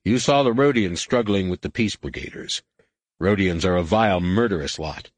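A man's voice: deep voice, expressive, moderate pace, no echo. A man reading an audiobook, voicing a smug, cruel male police lieutenant who talks down to his prisoner. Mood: condescending.

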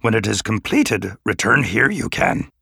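Yoda, a man doing a gravelly ancient alien sage. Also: on the low side, big pitch swings, unhurried, pushed and bright, dry recording, studio quality, exaggerated voice. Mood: gently reproving. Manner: inverted word order, thoughtful hums. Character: ancient small male alien sage, stern yet dryly gentle.

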